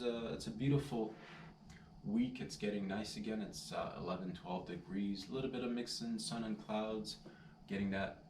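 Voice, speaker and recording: A man's voice: fairly low pitch, slight background noise. A man vlogging casually, rambling and laid-back, saying "dude" and "man" constantly. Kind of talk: casual storytelling vlog. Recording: roomy sound, distant mic, faint ambience.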